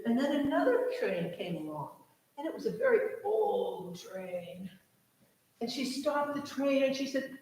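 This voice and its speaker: A woman telling an expressive children's story during a church service, leading the listeners along. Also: medium pitch, moderate pace. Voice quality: animated, expressive. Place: large church sanctuary. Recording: echoey church hall.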